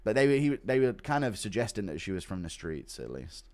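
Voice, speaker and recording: A man's voice: fairly low pitch, very animated, a little fast, darkish tone. A man streaming casual commentary, reading out donations and reacting bluntly, swearing often and rambling with lots of fillers. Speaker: streamer reacting to MMA news.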